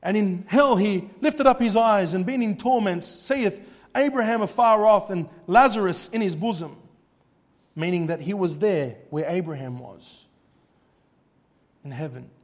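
High-voiced man preaching fervently. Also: measured pace. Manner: fervent, swings between hushed and loud; reads scripture in old-fashioned wording. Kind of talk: sermon.

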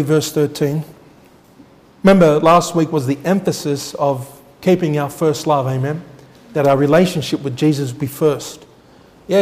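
A male pastor preaching a sermon with emphatic swings between loud declarations and quiet asides, often putting rhetorical questions to the congregation. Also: in a large hall. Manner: emphatic, rising to loud declarations then dropping low.

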